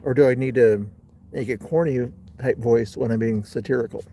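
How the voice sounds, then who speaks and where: A man's voice: medium pitch, moderate pace, mellow, slight background noise. A middle-aged man hosting a casual livestream outdoors, rambling and talking straight to his chat. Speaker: livestream host.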